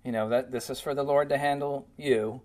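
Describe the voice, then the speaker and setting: A man's voice: mid-range voice, fairly even intonation, a little fast, darkish tone. A man preaching a Bible-teaching sermon in a casual, conversational way, filling his talk with "you know" and "um". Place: church.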